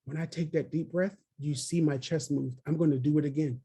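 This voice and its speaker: A man's voice: fairly high pitch, steady tone, a little fast, mellow, slightly rough. A man training early childhood staff in a webinar on a video call, talking in an encouraging way and coaxing listeners by name. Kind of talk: webinar presentation.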